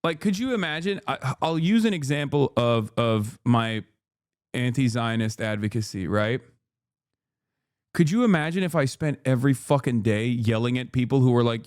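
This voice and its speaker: A man rants angrily and profanely during a live stream reaction, imitating people in silly voices as he quotes them. He speaks at normal speed with a medium pitch, in a studio-quality recording with no room sound.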